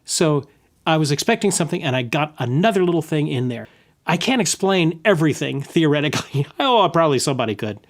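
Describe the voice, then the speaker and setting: A man's voice: a little high, animated, a little fast. A man teaching a guitar lesson in a casual way, explaining chord substitutions and humming the changes as he plays. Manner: casual, hums and scats the chords while playing. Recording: guitar playing loudly underneath. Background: acoustic guitar.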